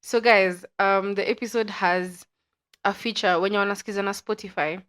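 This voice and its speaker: A woman's voice: mid-range voice, steady tone, normal speed, fairly bright tone, smooth. A woman with a Kenyan accent hosting a podcast, chatting casually in a playful, chatty way. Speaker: podcast host.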